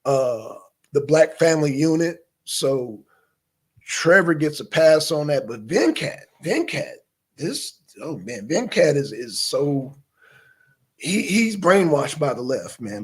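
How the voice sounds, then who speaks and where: A man whose husky voice sits on the high side takes things slowly while hosting a live stream. Chatting casually, he reads out chat names and fires off questions; he's animated, shouts questions in bursts, and mutters to himself.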